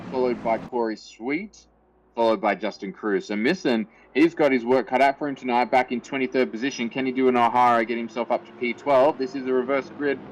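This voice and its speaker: Male lead commentator, esports sim racing, energetic play-by-play, middle pitch, faint noise underneath. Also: poor audio. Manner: energetic play-by-play, rising excitement with fillers.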